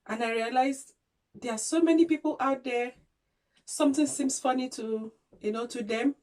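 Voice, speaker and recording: A woman talks straight to her viewers in a casual vlog, earnest and encouraging. Her voice sits a little high. She often pauses on an um and restarts a phrase, as if thinking aloud. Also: a little mellow, rough recording. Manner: earnest, encouraging, with frequent fillers. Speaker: vlogger. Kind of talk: casual talk to camera.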